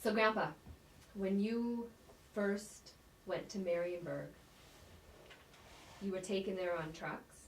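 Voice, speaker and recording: Woman interviewing her grandfather, mid-pitched, gentle and guiding, with a roomy echo. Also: steady tone, slow, pauses often, slight background noise. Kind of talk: casual family interview.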